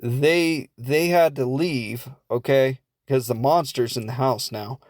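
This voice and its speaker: A young man casually recapping a film plot in a rambling comedic way, slipping into quick asides for the characters. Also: mid-range voice, darkish tone, dry recording, studio quality.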